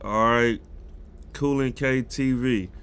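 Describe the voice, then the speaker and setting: A man with a cold and stuffy nose chats with his live-stream viewers about football news, greeting chat directly. His medium-pitched voice is steady, slightly bright, and clean, and he takes it slowly.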